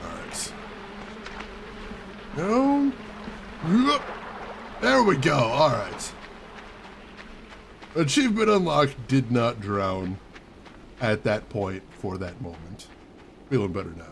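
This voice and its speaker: Man with a lively gaming commentary voice. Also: mid-range voice, takes it slowly, vocal fry, pauses often, a little hiss or hum. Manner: joking, wry running commentary. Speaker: gaming channel host. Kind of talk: let's play commentary.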